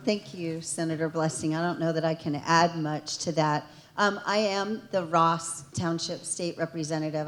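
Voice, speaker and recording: Woman, lowish voice, state rep addressing a town hall; earnest, emotional, builds to emphatic points. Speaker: state representative. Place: township meeting hall.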